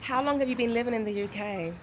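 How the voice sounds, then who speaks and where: A woman's voice: fairly high pitch, fast talker, soft background music. A woman interviewer asking short, friendly questions for a documentary.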